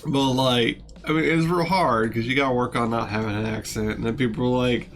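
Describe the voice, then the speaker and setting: A man's voice: medium pitch, steady tone, brisk, a little hiss or hum. A man from Texas chatting casually on a stream, laughing often. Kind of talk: casual chat.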